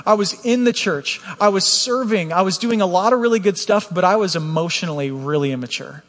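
Earnest high-voiced male preacher. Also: a little fast, fairly bright tone, long reverb tail. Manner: candid, earnest, with frequent restarts. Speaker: pastor. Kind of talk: personal testimony sermon.

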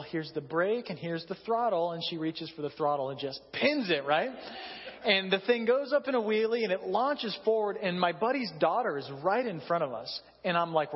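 A man with a high, light voice preaches casually, telling stories about himself. The sound is dull and lo-fi, with a long reverb from a large hall. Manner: conversational, self-deprecating storytelling. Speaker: pastor. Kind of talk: sermon.

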